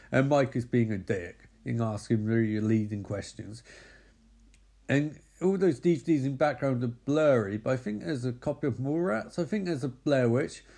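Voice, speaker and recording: A man's voice: mid-range voice, darkish tone. A man giving a sarcastic, sweary comic recap of a film. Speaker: movie recapper.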